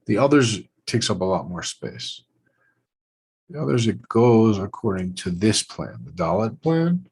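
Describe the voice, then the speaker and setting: A man's voice: fairly low pitch, very animated, slow, pauses often, a little mellow, slightly rough, poor audio. A man teaching a lesson on writing letters, talking through each stroke as he draws it, in short trailing phrases. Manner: thinking aloud while drawing letters, short trailing phrases. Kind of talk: relaxed instructional demonstration.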